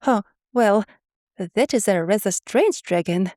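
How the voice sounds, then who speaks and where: A woman's voice: mid-range voice, animated, a little slow, darkish tone, no echo, clean studio sound, natural voice. A woman voicing a young male cat who studies magic, hasty and fussy in manner. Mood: flustered.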